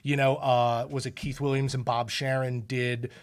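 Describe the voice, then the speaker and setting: A mid-pitched man in casual conversation, organizing a comic convention. He rambles and piles on emphasis when something excites him. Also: moderate pace, smooth. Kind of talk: casual chat.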